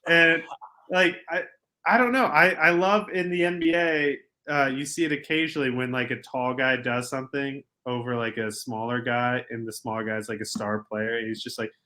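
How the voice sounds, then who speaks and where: Animated ranting man, bright voice. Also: mid-range voice. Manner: animated ranting, swings from quiet to loud. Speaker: podcast co-host. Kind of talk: casual sports banter.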